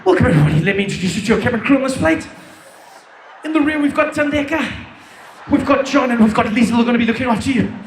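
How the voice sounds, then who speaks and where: Man doing a breathless, halting airline pilot. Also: extremely high pitch, expressive, voice pushed up. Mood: breathy. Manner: halting, breathy announcement full of pauses and "uh". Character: breathless, smooth-talking male airline pilot. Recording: reverberant hall with faint noise.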